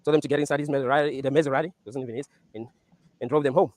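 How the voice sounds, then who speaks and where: A man's voice: mid-range voice, racing, dry recording. A man talking casually and animatedly, swearing often and laughing as he recaps a series and muses on dreams. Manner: animated, profane, laughs while recapping scenes. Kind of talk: casual rant.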